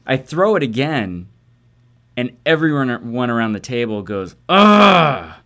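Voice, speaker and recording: A man's voice: mid-range voice, expressive, moderate pace. A man co-hosting a comedy podcast, telling a self-deprecating story in casual chat with hesitant fillers. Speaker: podcast co-host.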